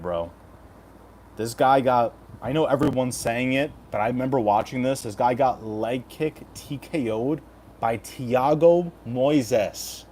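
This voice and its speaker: A man in his mid-thirties hosts a casual live stream, joking, swearing and reading chat messages aloud. His voice sits at an ordinary middle pitch, with a faint hum of background noise behind him. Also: darkish tone. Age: 30s. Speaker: betting picks streamer.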